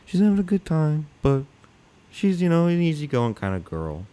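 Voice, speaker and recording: A man's voice: on the high side, wildly swooping pitch, normal speed, mellow. A man co-hosting a casual podcast chat, joking and easygoing. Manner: joking, easygoing, self-mocking. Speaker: podcast co-host.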